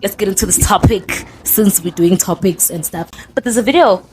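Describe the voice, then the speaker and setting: A young woman with a South African Zulu accent, hosting a podcast and telling her story in a casual, animated monologue. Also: mid-range voice, moderate pace, noisy background. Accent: South African, Zulu-speaking. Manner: chatty, code-switching, animated storyteller. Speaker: podcast host.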